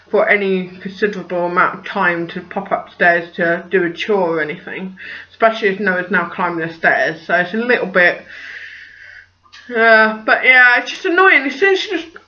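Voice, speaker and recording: A woman's voice: mid-range voice, lo-fi sound. A young woman chatting casually about parenting in her vlog, rambling and full of "like" and "just". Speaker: parenting vlogger.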